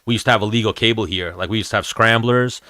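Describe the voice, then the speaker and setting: A man's voice: fairly low pitch, fast talker, sharp tone, dry recording, clean studio sound. A man, hosting a casual MMA chat stream in a blunt, profane, rambling way. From New York, USA. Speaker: MMA show host answering chat.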